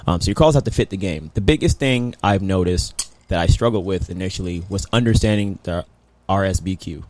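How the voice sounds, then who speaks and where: A man's voice: deep voice, brisk, darkish tone, dry recording. A man talking casually as a podcast guest, a coach and referee, laid-back and teasing, laughing easily. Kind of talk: casual chat. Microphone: podcast microphone.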